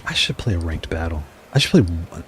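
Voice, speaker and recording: A man with a low, sing-song voice casually talks through his fighting game matches, ribbing opponents and then quickly apologizing. He's a gaming streamer, and a little hiss or hum sits in the recording.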